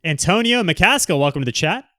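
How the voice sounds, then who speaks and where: A man's voice: sits high, expressive, fairly quick, sharp tone, no room sound, studio quality. A man hosting a livestream, reading viewer comments aloud and answering them in a frank, rambling way with many restarts. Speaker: livestream host.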